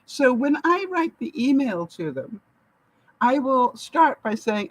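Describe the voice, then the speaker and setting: A woman's voice: sits high, sing-song, slow, dry recording, low-quality recording. Canadian woman vlogging advice, laughs a lot, acts out quotes, dry close sound. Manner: chatty, laughs often, acts out quoted lines. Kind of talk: casual advice talk to camera.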